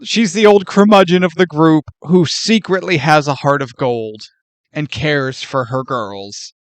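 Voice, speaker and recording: A man co-hosting a movie podcast, chatting casually and acting out quoted lines with lively laughter. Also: a little high, unhurried, no room sound. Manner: animated, laughs often, acts out quoted lines. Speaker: podcast co-host.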